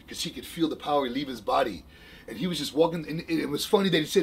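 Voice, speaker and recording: A man in casual chat retelling a story in an animated, slangy way with lots of fillers. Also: fairly high pitch, a little fast, slight background noise, low-quality recording.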